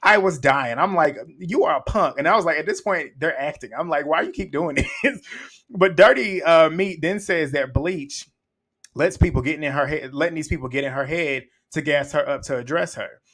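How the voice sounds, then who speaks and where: A man's voice: fairly high pitch, normal speed, a bit bright. A man, recapping a reality show in blunt, mocking casual commentary and laughing often.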